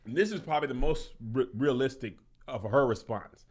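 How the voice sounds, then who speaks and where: A man hosting a casual comedy talk show, reading posts aloud in lively comic bits. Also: medium pitch, fairly quick, a crowd in the background. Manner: animated, reads tweets aloud with comic voices. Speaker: podcast host.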